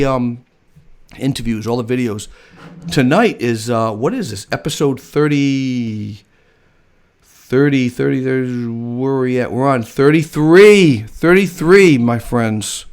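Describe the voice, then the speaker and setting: An American man hosts a casual live-stream chat, chatty and enthusiastic and laughing often. His mid-range voice sounds clear and resonant.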